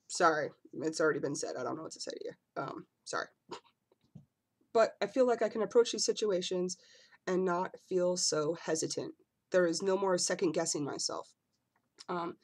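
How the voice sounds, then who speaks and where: A man vlogging to camera in a casual, earnest way, often apologizing and circling back as he talks. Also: high-pitched. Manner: earnest and apologetic, rambling with restarts.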